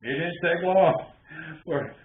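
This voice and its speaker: A man's voice: fairly high pitch, slow pace, a little hiss or hum. A man, who hosts a cooking channel and tells rambling, folksy stories full of restarts. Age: 60s. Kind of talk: casual storytelling. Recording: tinny, roomy, phone-like sound.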